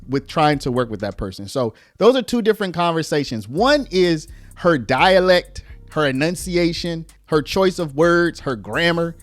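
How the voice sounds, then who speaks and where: A man with a fairly high, very animated voice hosts a casual commentary video. He talks straight to viewers, sometimes slipping into "y'all." The sound is close and dry, with faint music underneath. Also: no echo. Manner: lively, conversational, uses "y'all", acts out quotes in raised voice.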